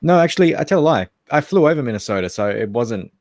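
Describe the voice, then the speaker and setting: An Australian man co-hosting a casual livestream, reeling off greetings to viewers by name and swearing in good fun. His voice sits at an everyday male pitch. It sounds dry and close, with no room echo. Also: very animated, quick pace, a little mellow. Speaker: livestream co-host.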